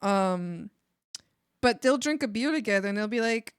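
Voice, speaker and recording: A woman's voice: mid-range voice, animated, moderate pace, clean tone. A woman streamer chatting casually with her viewers, laughing often and swearing offhandedly.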